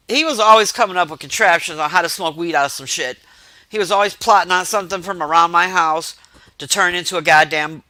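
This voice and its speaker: A man telling profane, exasperated stories to his stream chat in a casual, animated rant. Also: high voice, no room sound.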